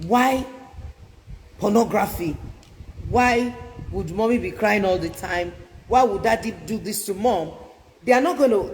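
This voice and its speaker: A woman's voice: mid-range voice, a little mellow, big-room sound, slight background noise, rough recording. A woman giving an emphatic, preacherly talk on parenting as a family therapist, pressing her points with rhetorical questions. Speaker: family therapist and inspirational speaker.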